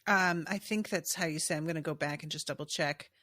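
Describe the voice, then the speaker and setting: A woman's voice: deep voice, a little fast, pushed and bright, no echo, studio quality. A woman hosting a podcast, chatting casually and candidly about a book and swearing freely. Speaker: podcast host. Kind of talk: casual book discussion chat.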